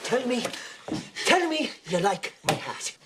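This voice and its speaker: A woman's voice: on the high side, sing-song, slow pace, background noise. An actress playing an insistent, vain young woman who demands praise in a film drama clip.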